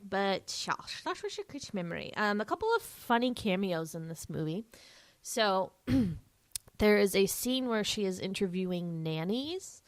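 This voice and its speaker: A woman co-hosting a podcast in casual chat, bubbly and full of quick asides. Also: medium pitch, sing-song, no room sound. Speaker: podcast co-host.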